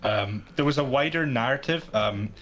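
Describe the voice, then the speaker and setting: A man's voice: medium pitch, moderate pace, fairly bright tone, a little hiss or hum. A man guest-hosting a live stream, talking casually and hesitantly with many restarts. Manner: hesitant, full of restarts, laughing easily. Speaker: guest co-host.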